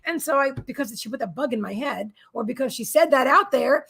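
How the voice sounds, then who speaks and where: A woman's voice: high-pitched, animated, brisk, vocal fry, fairly bright tone, breathy edge. A woman hosting a psychic live stream from her desk at home, chatting in a meandering way and often talking to her pets. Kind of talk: casual chat on a live stream.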